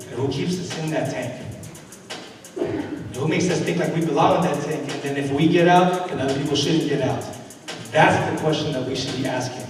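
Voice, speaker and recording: An earnest invited speaker and educator gives a conference talk in a large hall, telling stories conversationally with many fillers and building to rhetorical questions. His fairly high voice, a little fast and over music, sounds distant from the mic and rolls out with a long echo.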